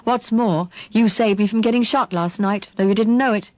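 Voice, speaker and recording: A woman reading an audiobook, voicing a steady, protective young man who speaks gently and reassuringly. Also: medium pitch, moderate pace, no echo, muffled recording, lightly acted. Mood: soothing.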